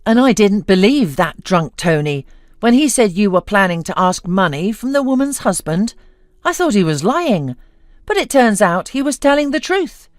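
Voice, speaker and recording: A woman's voice: on the low side, big pitch swings, normal speed, dry recording, studio quality. A woman doing a stern older brother. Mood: angry. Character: stern protective older brother, young man.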